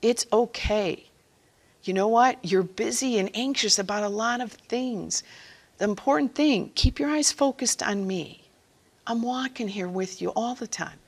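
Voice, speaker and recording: A woman voicing Jesus as a gentle, comforting man, speaking softly and reassuringly. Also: a little high, expressive, fairly quick, husky, voice pushed up. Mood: gently reassuring. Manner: soft, soothing, reassuring.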